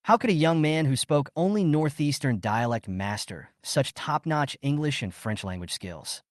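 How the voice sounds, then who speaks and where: A man reading a story recap as scripted narration, in a lively storytelling way. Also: mid-range voice, normal speed, no room sound, clean studio sound.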